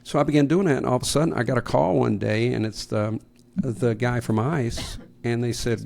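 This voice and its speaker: Sarcastic and relaxed, a middle-aged man swaps stories while co-hosting a podcast. His voice sits at medium pitch, creaky and somewhat dark, moving at a moderate pace.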